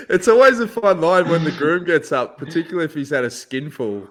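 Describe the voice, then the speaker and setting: A man's voice: fairly high pitch, fairly bright tone, slight background noise. A man hosting a podcast, chatting and telling stories with laughter. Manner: laughing, storytelling banter. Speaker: podcast host. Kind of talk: casual chat.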